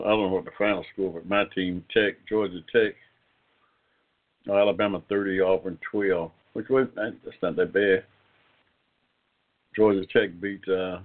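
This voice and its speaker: An older man, hosting a casual internet radio talk show in a rambling, folksy way. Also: fairly low pitch. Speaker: host. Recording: phone-like call-in line.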